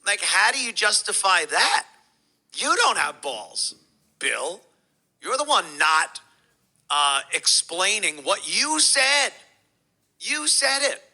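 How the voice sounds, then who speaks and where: A man's voice: high voice, very animated, slow pace, long pauses, pushed and bright, rough recording. A man giving a heated, profane, mocking reaction commentary.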